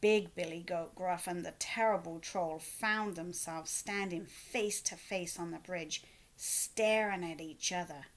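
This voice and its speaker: A woman reading a picture book aloud to children, expressive, with asides to her young listeners. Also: lowish voice. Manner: slow, expressive read-aloud with asides to kids. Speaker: children's story reader.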